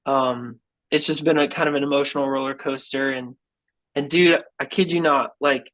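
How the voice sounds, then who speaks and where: Animated man telling a faith story. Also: mid-range voice, moderate pace, poor audio. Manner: animated and earnest, says "dude" and "like" often; acts out quoted people in his story. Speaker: guest musician. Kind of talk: casual storytelling in a podcast interview.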